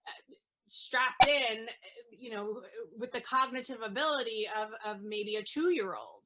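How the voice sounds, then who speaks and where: A woman speaking as an interview guest, an earnest mother talking in a halting way with many fillers and restarts. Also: fairly high pitch, expressive, pushed and bright, rough recording. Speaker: guest, autism mom. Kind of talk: casual interview chat.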